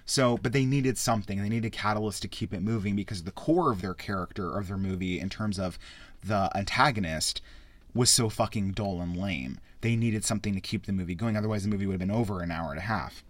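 A man with a slightly low voice gives a loose, rambling review, swearing freely and getting worked up as he goes. The recording is close and dry, with no room sound. He talks the way a show host chats to regular listeners. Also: fairly quick, no echo. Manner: rambling, profane, excitable. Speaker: podcast host reviewing a film. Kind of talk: casual spoken film review.

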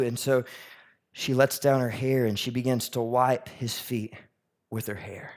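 A man preaching a sermon as pastor, lively and animated, acting out the voices of people in the story he tells. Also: medium pitch, moderate pace.

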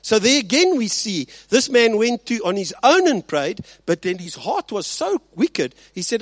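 A male pastor preaching a sermon, swinging between loud emphasis and quiet asides and often checking in with his listeners. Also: high voice, big pitch swings, moderate pace, hardly any pauses, no echo. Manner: rhetorical check-ins with the congregation.

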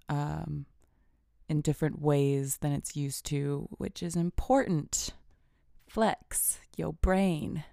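A woman's voice: low voice, warm tone, dry recording, studio quality. A woman hosting a casual solo podcast, rambling and giggly, often dropping to a whisper, alone in a small room at a podcast mic. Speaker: podcast host. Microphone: podcast microphone.

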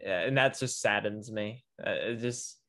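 A man guesting on a podcast in casual chat, deadpan and mock-dramatic. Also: on the low side, unhurried.

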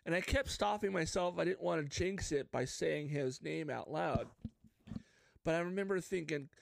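A man hosting a solo podcast in casual chat, his fairly high voice carrying a gravelly fry. He tells stories excitedly and lets his emotions show. The sound is dry and close, with no room around it. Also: a little fast, no room sound. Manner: excitable and openly emotional storyteller. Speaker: podcast host.

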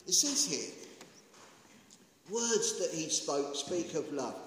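Woman preacher, slow and passionate, voice swoops up and down, big echoey church hall. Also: deep voice, very animated, a little hiss or hum. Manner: impassioned, conversational, asks the listeners questions. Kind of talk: sermon. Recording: echoey hall with long reverb.

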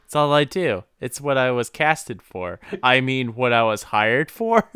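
A man co-hosting a laid-back movie podcast, with an animated voice that swings up and down. His tone is smooth and resonant, and he keeps tossing in wisecracks and laughter. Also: mid-range voice, a little slow, dry recording, clean studio sound. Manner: jokey, laughs often, swears casually. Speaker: podcast co-host. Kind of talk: casual movie recap chat.

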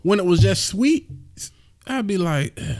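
A man's voice: sits high, unhurried. A young man, chatting casually as a podcast co-host and acting out his wife's lines as he tells stories. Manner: animated storytelling, acts out his wife's lines. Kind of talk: casual chat.

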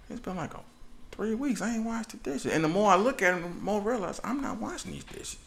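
A man's voice: high-pitched, fairly bright tone. A man telling a comic story on a podcast as co-host, rambling and laughing often.

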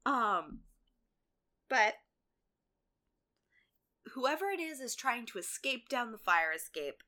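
A bright, lively woman co-hosting a chatty recap podcast. She retells scenes by bursting into the characters' lines, her voice jumping up and down. She talks a bit higher than most women. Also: takes it slowly. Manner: animated storytelling, acting out characters' lines with swearing and yelling. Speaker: podcast co-host recapping a TV episode. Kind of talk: casual chat.

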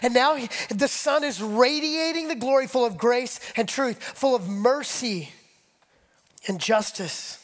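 A man's voice: very high voice, a little slow. A man preaching a conversational sermon, leading the congregation and acting out imagined voices as his intensity rises. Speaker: pastor.

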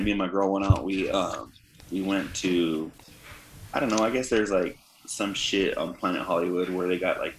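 A man co-hosting a podcast, chatting in a rambling, profane way with lots of fillers and restarts. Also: deep voice. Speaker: podcast co-host. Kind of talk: casual chat. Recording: roomy echo with faint noise.

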